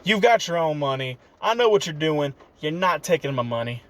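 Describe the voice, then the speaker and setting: A man's voice: fairly high pitch, sing-song, fairly quick, a bit bright. A man voicing a stubborn, cheeky teenage boy ninja who talks bluntly and defiantly, close to his own voice.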